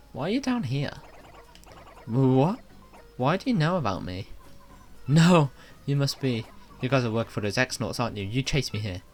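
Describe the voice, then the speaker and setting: A man voicing a small, frightened young male puni creature who talks in a jumpy, pleading way in a video game. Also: mid-range voice.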